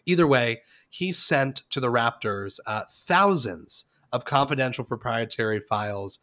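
A man co-hosts a casual podcast, walking through a news story at an easygoing pace. He hesitates often and pokes fun at himself, and his voice sits at an ordinary middle pitch. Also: lively intonation, a little slow, a bit bright. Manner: self-deprecating, hesitant, many fillers. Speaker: podcast co-host. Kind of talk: casual chat.

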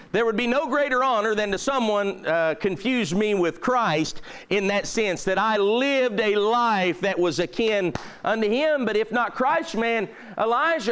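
A man's voice: high-pitched, a bit bright, clean tone. A man preaching a sermon, emphatic and repetitive, reading scripture aloud and stressing his points.

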